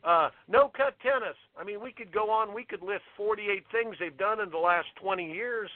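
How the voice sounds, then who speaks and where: A man's voice: high-pitched, moderate pace, no echo. A male tennis coach, a guest, talking with emphatic indignation and repeating himself as he makes his points. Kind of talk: impassioned interview talk. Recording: tinny phone line.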